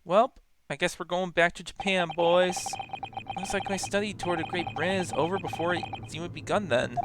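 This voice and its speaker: A woman's voice: lowish voice, heavy background noise, lightly acted. A woman voicing an earnest young male student, speaking in a mildly awkward way.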